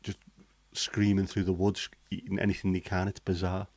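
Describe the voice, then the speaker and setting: Deep, blunt man. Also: completely flat delivery, normal speed, a little mellow, no echo. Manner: blunt, sweary, cynical banter. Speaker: livestream host. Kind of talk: casual chat.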